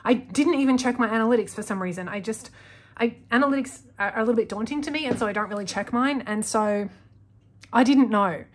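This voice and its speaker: A woman's voice: a little high, fairly quick, slight background noise. A young woman chatting casually to viewers while setting up her planner, rambling and correcting herself as she goes. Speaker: planner vlogger.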